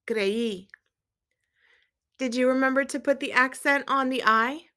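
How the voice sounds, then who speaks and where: A woman teaching a Spanish lesson, quizzing viewers and gently checking their accent marks as she switches between English and Spanish. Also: sits high, steady tone, a little fast. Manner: asks quiz questions and gently checks accents. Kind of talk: recorded language lesson.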